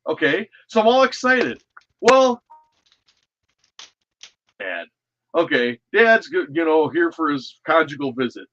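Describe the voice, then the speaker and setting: A man from the American Midwest hosting a casual chat, telling a story in an animated, profane way on a dull lo-fi recording. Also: fairly high pitch, takes it slowly, long pauses.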